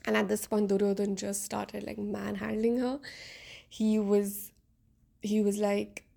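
A woman's voice: mid-range voice, little pitch movement, a little slow, vocal fry, dark tone. A woman podcast host retelling an epic story in a casual, conversational way with frequent fillers.

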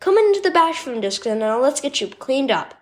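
A woman voicing a caring mother who speaks softly and reassuringly to her hurt son. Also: sits high, very animated, fairly quick, pitched above the performer's own voice. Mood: comforting. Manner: soft, reassuring.

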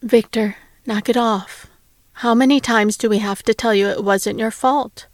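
A woman's voice: fairly high pitch, steady tone, a little slow, dry recording, clean studio sound. A woman reading aloud and voicing an uncle who firmly tells his nephew off. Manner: firm, scolding. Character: firm, exasperated uncle.

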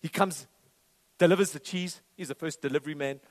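A man preaching a sermon to a congregation, impassioned, with swings between loud declarations and low intense tones and some playful humorous asides. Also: fairly quick.

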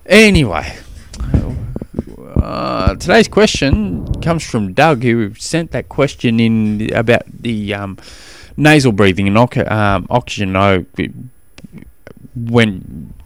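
A man's voice: on the low side, lively intonation, takes it slowly, gravelly, slight background noise. A man with an Australian accent hosts a podcast in casual chat. He rambles along with frequent restarts. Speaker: podcast host.

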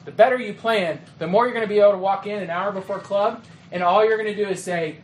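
A man giving a training talk to youth ministry leaders in a conversational way, often checking in with "okay?" and "right?" and acting out quick exchanges. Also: sits high, slight background noise. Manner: acts out quick quoted exchanges. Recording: echoey room with faint ambience.

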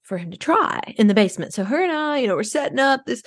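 An actress playing a self-absorbed rich suburban adoptive mom in an improvised comedy podcast, rambling and oversharing. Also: female voice, fairly high pitch, big pitch swings, quick pace, no echo, clean studio sound. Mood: rambling, chatty.

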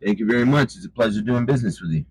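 A man's voice: mid-range voice, racing, darkish tone, a little hiss or hum, close to an everyday voice, rough recording. A man voicing a witch who sells curses with glib, businesslike salesman patter.

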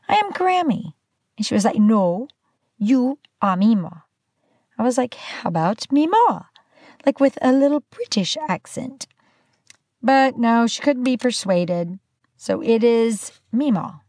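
Bubbly, lively older woman host. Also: fairly high pitch, dry recording, clean studio sound. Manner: bubbly and animated, playful asides. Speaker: podcast host. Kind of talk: casual solo podcast talk.

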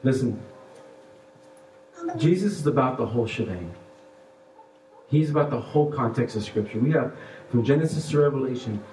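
Animated preacher, echoey church room. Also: male voice, medium pitch, far from the mic, a little hiss or hum. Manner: animated, acts out voices, swings from hushed to loud. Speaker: pastor. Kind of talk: sermon.

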